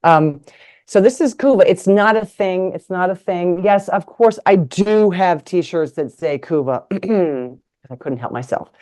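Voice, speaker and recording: Low, mellow-voiced woman, joking. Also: measured pace. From United States. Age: middle-aged. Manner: playful, joking, frank. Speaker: retired nurse and sex ed teacher giving a talk. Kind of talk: live online presentation with props. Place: indoors at a table. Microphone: video call.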